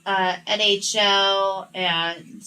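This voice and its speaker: A woman co-hosting a podcast, chatting casually and retelling a book's plot with lively quotes. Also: mid-range voice, drawn-out words, rough recording. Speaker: podcast co-host. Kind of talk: casual book chat.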